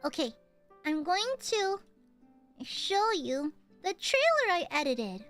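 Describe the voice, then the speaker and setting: Young woman streamer from the US, bright and sharp, animated, teasing, yells at chat. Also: very high voice, slow pace, soft background music. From United States. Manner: playful, bursts into shrieking outbursts at chat. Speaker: VTuber streamer. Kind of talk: casual livestream chat, reading donations.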